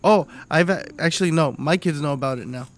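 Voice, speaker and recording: Laughing, foul-mouthed podcast dad, slightly high. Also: male voice, fast talker, slight background noise. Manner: swears freely, laughs often, acts out voices in stories. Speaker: podcast co-host; father. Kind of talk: casual crude banter.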